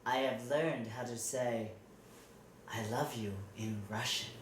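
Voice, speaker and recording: Man as an elderly, slow-spoken, genteel British client; distant echoey mic. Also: medium pitch, fairly even intonation, close to an everyday voice. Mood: fond. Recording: echoey room, mic far off, faint hiss.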